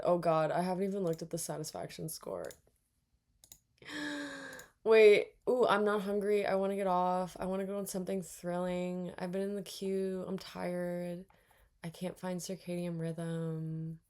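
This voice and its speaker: Low gravelly woman, swearing while she games. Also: measured pace, darkish tone. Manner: reactive, swears a lot, mutters to herself. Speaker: gaming streamer. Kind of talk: casual let's-play commentary.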